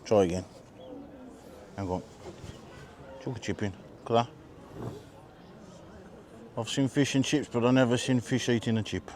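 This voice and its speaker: A man's voice: medium pitch, measured pace, pauses often, a little mellow. A British man hosting a casual food vlog outdoors at a marina, chatting and joking as he eats and reviews the meal. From Britain. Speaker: vlog host.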